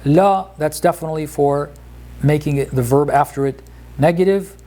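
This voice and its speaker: A man teaching a relaxed lesson on Quranic Arabic grammar, explaining word by word with frequent pauses and restarts. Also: fairly high pitch. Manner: explanatory, hesitant, many fillers and restarts.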